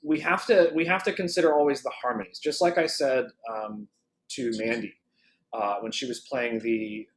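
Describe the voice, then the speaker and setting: A man's voice: medium pitch, fairly even intonation, fairly quick. A man teaching a clarinet masterclass over a video call. He thinks aloud with restarts and fillers, and sings the phrases on nonsense syllables to show what he means. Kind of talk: masterclass coaching.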